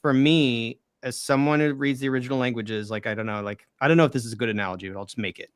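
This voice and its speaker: A man's voice: mid-range voice, fast talker, no room sound, studio quality. A man in a casual discussion who explains language questions in an earnest, step-by-step way. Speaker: guest who reads ancient languages.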